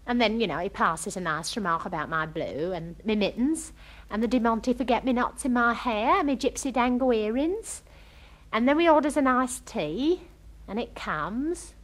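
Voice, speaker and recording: A woman's voice: a little high, normal speed. An actress playing a chatty, starry-eyed young working-class girl in a comic monologue, gossiping with homely, ungrammatical speech. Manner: lively, breathless gossiping storyteller.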